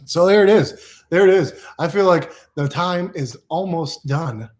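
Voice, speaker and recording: A man's voice: fairly high pitch, a little slow. A man giving playful, repetitive self-help affirmations to camera, exuberant and goofy, laughing often.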